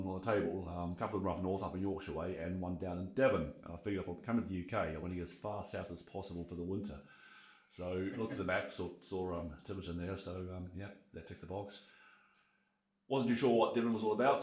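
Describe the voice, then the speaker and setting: A man's voice: sits low, a little mellow, echoey room. A man in his forties with a New Zealand accent, a guest telling his own story in a casual podcast interview, candid and reflective with many fillers. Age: 40s. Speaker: guest, burnout coach.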